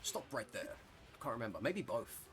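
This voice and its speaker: A man's voice: mid-range voice, very animated, moderate pace. Joking male gamer over game music. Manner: joking, chatty, laughs often. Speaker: gaming content creator. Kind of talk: live gameplay commentary.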